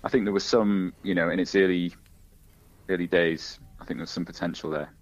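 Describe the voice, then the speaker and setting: A man's voice: deep voice, fairly even intonation, brisk, highs cut off. A man in a casual discussion who talks hesitantly and searches for his words, often using fillers.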